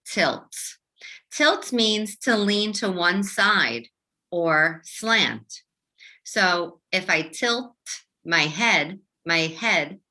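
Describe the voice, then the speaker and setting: A woman teacher leading a young children's phonics lesson, speaking slowly and enunciating each sound clearly. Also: medium pitch, bright, forceful tone. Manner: slow, clearly enunciated, sing-song teacher voice.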